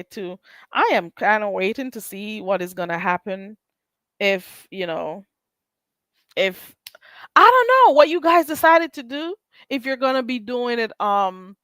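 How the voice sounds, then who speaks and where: Woman ranting on her live stream, cussing a lot, voice kinda high, dry close mic. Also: no echo. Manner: blunt, profane and animated, with sudden loud jumps in pitch. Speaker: YouTube commentary host. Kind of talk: casual livestream commentary reading chat.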